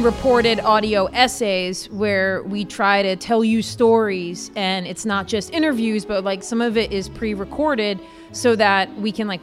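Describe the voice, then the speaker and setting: A woman co-hosting a podcast in a casual, chatty chat, enthusiastic and quick to laugh. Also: mid-range voice. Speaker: podcast co-host.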